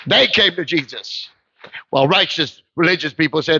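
A man preaching an impassioned sermon, telling stories and breaking into shouts, heard through muffled livestream audio. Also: a little high, moderate pace, gravelly, breathy edge, dry recording. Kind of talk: sermon with storytelling.

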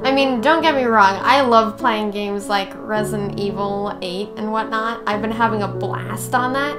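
A woman hosting a gaming channel with a slightly raspy voice, giving playful, rambling let's-play commentary and laughing at herself. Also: medium pitch, moderate pace, over music.

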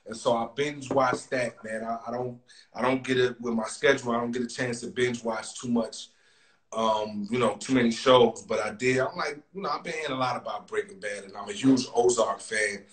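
A laid-back man talks as a guest in a casual interview and uses easy slang. His voice is mid-pitched, and the room around him sounds echoey. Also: fairly even intonation, moderate pace.

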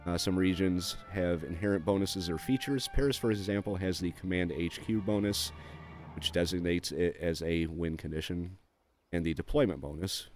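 A man with a deep, low-pitched voice talks through a strategy game in a relaxed walkthrough. He reads the on-screen text aloud, adding fillers and dry little asides along the way. Faint music plays behind him. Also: normal speed. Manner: frequent "uh" and "um" fillers. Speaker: gameplay video host.

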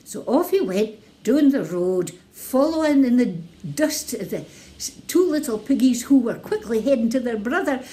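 A woman with a Scottish accent telling a children's story in a playful, expressive way. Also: fairly high pitch, normal speed.

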